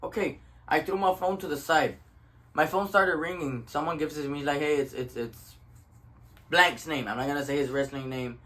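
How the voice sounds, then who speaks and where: A man's voice: on the high side, fairly even intonation, moderate pace, sharp tone. A tired young man, telling a story in a casual, profane rant that switches between English and Spanish. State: tired from little sleep.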